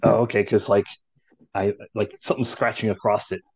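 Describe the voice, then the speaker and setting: A man in casual chat, a real estate agent who laughs easily and reacts in a lively way. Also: fairly low pitch, brisk, vocal fry, breathy edge, no echo, poor audio.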